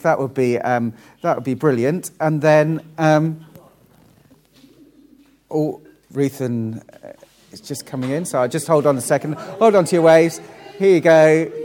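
A man from Wales preaching a friendly sermon with frequent ums and pauses. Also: a little high, a little mellow. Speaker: pastor.

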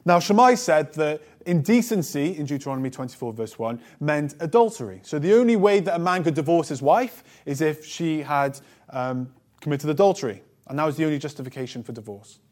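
Man preaching, soft trailing phrase ends. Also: fairly high pitch, expressive, a little fast. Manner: reads scripture then explains it, trailing off softly at phrase ends; conversational with light asides. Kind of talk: sermon with Bible reading.

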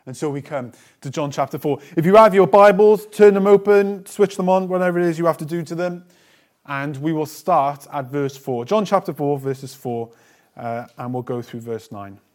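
A man preaching a sermon, reading Bible verses aloud and explaining them in a conversational way with light asides, his phrases often trailing off softly. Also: fairly high pitch, moderate pace. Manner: reads scripture then explains it, trailing off softly at phrase ends.

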